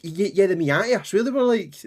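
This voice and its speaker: A man's voice: high-pitched, lively intonation, fast talker. A man co-hosting a history podcast, chatting casually, rambling and often laughing. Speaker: podcast co-host.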